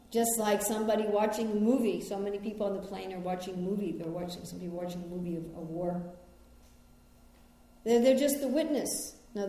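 A middle-aged American woman from New York gives a conversational spiritual talk. She tells personal stories in a gently reflective way. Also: medium pitch. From New York, United States. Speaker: spiritual teacher. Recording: very echoey room.

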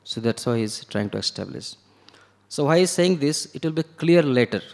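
A man's voice: mid-range voice, lively intonation, normal speed, vocal fry, a little mellow. A man giving an explanatory lecture on scripture, walking through verses and the meaning of words one step at a time. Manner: chants verses in Sanskrit. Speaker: scripture class teacher. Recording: long echoing hall reverb.

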